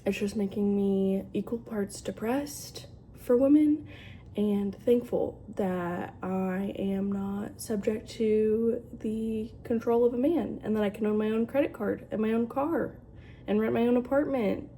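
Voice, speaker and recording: A woman's voice: mid-range voice, unhurried, dark tone, a little hiss or hum. A young woman chatting casually to camera about books, full of fillers and likes. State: sleepy in the morning. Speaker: booktube vlogger. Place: home, later a dog park outdoors.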